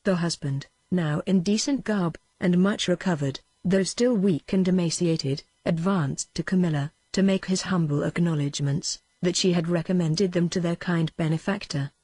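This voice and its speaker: Synthetic British female narrator, low breathy tone, flat machine reading. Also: normal speed, few pauses, no room sound. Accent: British English. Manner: even, mechanical, reads punctuation aloud. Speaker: audiobook narrator.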